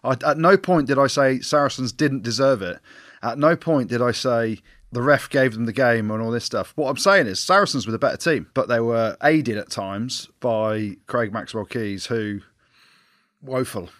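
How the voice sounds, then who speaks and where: A man's voice: medium pitch, dry recording. Dry-voiced man arguing rugby. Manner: lively, argumentative, quick to laugh. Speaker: podcast co-host, former rugby fly-half. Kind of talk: casual sports chat.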